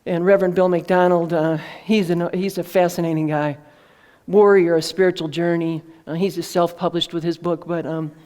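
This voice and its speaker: A woman's voice: lowish voice, fairly even intonation, normal speed, a little mellow. A woman author telling a heartfelt story to an audience in an earnest, conversational way, with fillers and restarts. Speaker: author presenting her book.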